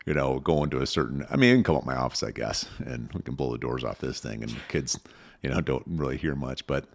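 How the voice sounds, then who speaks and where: A man's voice: extremely low pitch, lively intonation, fast talker, creaky. A middle-aged man co-hosting a parenting podcast, talking in an easygoing, conversational way. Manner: easygoing, conversational, repeats words. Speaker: podcast co-host. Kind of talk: casual chat.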